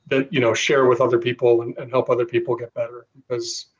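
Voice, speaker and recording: A man's voice: medium pitch, level tone, fast, dull audio. A man co-hosting a casual podcast, telling rambling self-deprecating stories. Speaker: co-host.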